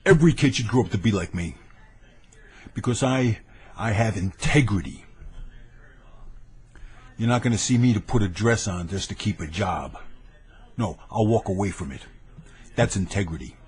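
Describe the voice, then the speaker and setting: Husky man on an angry webcam rant. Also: fairly low pitch, expressive, normal speed, pauses often, darkish tone. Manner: combative, boastful, repeats lines for emphasis. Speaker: vlogger ranting to camera. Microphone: webcam mic.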